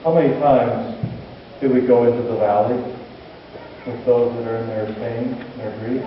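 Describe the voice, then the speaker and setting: A pastor and hospital chaplain preaching a sermon, telling stories slowly and earnestly with dramatic pauses. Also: male voice, mid-range voice, steady tone, a little hiss or hum. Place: church sanctuary. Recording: distant, echoey church hall, muffled.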